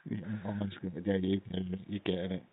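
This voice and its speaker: A man's voice: sits low, level tone, quick pace, breathy edge, no echo. Man on a tinny line. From United Kingdom. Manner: laughing, teasing, tries out accents. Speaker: podcast host. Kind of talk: casual chat. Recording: tinny phone-like sound, dry.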